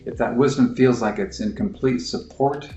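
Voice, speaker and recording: A middle-aged man explaining his clinic's approach in a halting, informal way, full of fillers and restarts. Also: medium pitch, warm tone, muffled recording. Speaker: naturopathic clinic practitioner. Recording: roomy echo with faint music.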